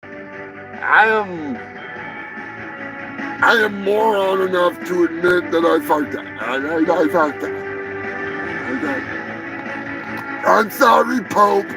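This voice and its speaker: A man with a high, gravelly voice hosts a live show, rambling through crude, joking rants full of swearing. Music plays clearly behind him. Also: slow, pauses often, low-quality recording. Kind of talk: rambling live-stream monologue.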